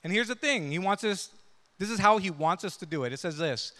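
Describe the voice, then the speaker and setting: A man's voice: high-pitched, lively intonation, a little fast, pushed and bright, big-room sound. A man preaching a sermon through a personal story, talking conversationally and checking in with listeners with "right?" and "yeah?". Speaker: pastor.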